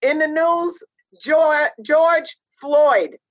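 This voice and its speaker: With a high-pitched voice and an extremely slow pace, this American podcast co-host talks passionately and forcefully. She repeats phrases to stress her points during casual podcast conversation.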